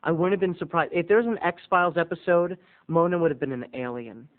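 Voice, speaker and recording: A man hosting a video blog, telling a comic story with theatrical swings between booming and hushed. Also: fairly quick. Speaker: vlog host. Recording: tinny phone-like audio.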